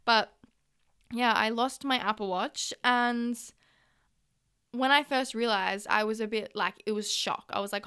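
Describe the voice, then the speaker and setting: A young Australian woman hosts a podcast on her own, chatty and candid, with swearing and acted-out reactions. Her voice is bright and a little high, and it sounds crisp and clear throughout. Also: moderate pace. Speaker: podcast host. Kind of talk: casual solo podcast monologue.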